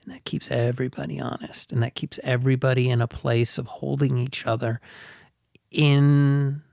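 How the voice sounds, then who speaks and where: A man's voice: mid-range voice, flat delivery, normal speed, gravelly, a little mellow, dry recording, clean studio sound. A man co-hosting a podcast in casual chat, reflective and meandering, often trailing off mid-thought. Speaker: podcast co-host.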